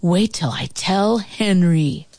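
A woman voicing a frightened, excited little boy in a storybook read-aloud, with high, breathless exclamations. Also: slow, vocal fry, no echo. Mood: amazed.

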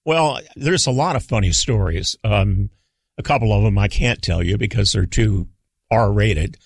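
An older man, a guest on a radio talk show, telling stories in a relaxed, rambling way with fillers and restarts. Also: lowish voice, a little slow, creaky, breathy edge, no echo. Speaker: guest, radio executive and author. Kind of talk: relaxed storytelling. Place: studio.

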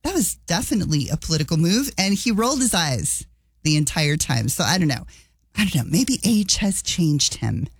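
Radio lady chatting thru the news, kinda low voice, super dry sound, wry little asides. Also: sing-song, normal speed, slightly rough, dry recording. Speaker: radio host. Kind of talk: casual radio news commentary.

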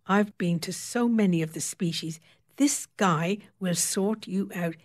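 A woman's voice: fairly low pitch, a little slow, close to an everyday voice. A woman voicing a worldly, well-connected female client who talks in a confiding, grimly knowing way.

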